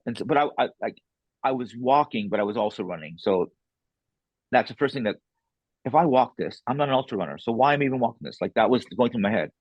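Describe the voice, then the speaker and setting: A man with a husky, slightly raspy voice shares a story in a relaxed interview, candid and self-mocking. The sound is dry and close, with a dull, lo-fi edge to the recording. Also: medium pitch, fast talker, no echo. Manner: animated, candid, self-deprecating. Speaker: author guest.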